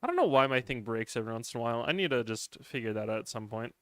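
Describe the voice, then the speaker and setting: A man's voice: medium pitch, expressive, rapid-fire, fairly bright tone, dry recording. A man streaming live, rambling casually and joking while he reads and answers viewer chat. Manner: rambling, joking, lots of laughs and fillers.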